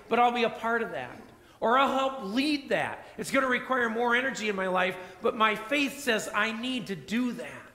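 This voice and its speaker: A man preaching a sermon as pastor, telling a personal story and acting out the dialogue in a quieter voice. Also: high voice. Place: church sanctuary. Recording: echoey church hall reverb.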